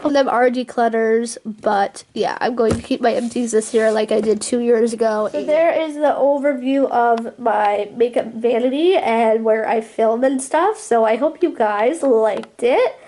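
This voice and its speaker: A woman beauty vlogger chatting casually at her makeup vanity at home, bubbly and quick to laugh. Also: fairly high pitch, dark tone, a little hiss or hum. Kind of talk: casual product show-and-tell.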